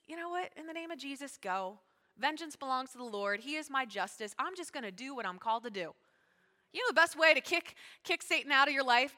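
A woman pastor preaching a sermon in a fast, chatty way, joking and adding asides. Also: a little high, sharp tone. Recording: long hall reverb.

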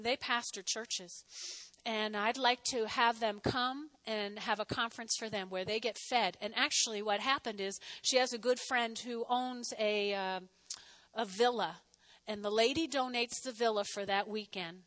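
A woman pastor preaches fast in a sermon, chatty and animated, poking fun at herself. Her voice sits high and rings bright and forceful. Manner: fast-talking. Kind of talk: sermon and offering appeal.

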